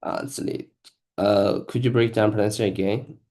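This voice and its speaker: A man with a fairly low, warm, mellow voice, practicing his English. He speaks haltingly, restarting words often and filling gaps with "uh" and "you know.". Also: steady tone. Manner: halting, hesitant, with many restarts and fillers. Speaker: English learner. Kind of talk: casual practice conversation.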